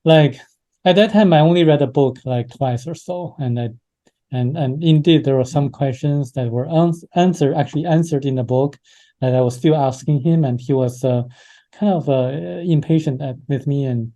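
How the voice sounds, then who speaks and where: A man being interviewed, telling a personal story with many pauses and fillers. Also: medium pitch, mellow. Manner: hesitant, many fillers and restarts. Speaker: interview guest.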